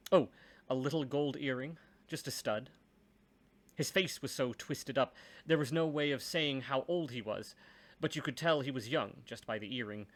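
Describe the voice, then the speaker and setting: A man's voice: medium pitch, normal speed, fairly bright tone. Man reading a dry first-person story. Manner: dry, wry asides.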